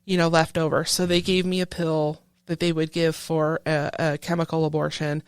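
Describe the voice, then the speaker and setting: Woman, military veteran, interview guest, halting, restarts often, dry room. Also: sits low, little pitch movement, clean tone, no echo. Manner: halting, with many restarts, recounting a painful memory. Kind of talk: personal interview storytelling.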